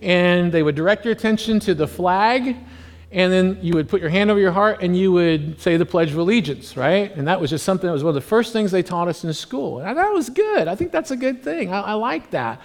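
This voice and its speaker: A man's voice: sits high, animated, a little fast. A man in his forties, a pastor giving a casual, joking sermon full of fillers and asides. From United States. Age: 40s. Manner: joking, rambling with many fillers. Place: church hall. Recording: long hall reverb.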